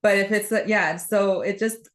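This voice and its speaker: A woman's voice: medium pitch, fairly even intonation, moderate pace. A woman guest in a casual podcast conversation, talking in a chatty, rambling way and laughing often as she tells stories.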